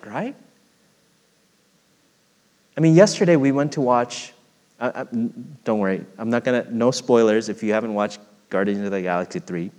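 A middle-aged American pastor with a mid-range voice preaches a heartfelt sermon, sharing personal stories earnestly. He grows louder when moved and falls to a hush in reflective moments. A long reverb makes his voice ring out as though filling a large sanctuary.

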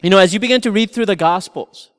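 High-voiced man preaching in a hall. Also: quick pace, clean tone. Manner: storytelling, animated, laughing through anecdotes. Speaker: pastor. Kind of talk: sermon.

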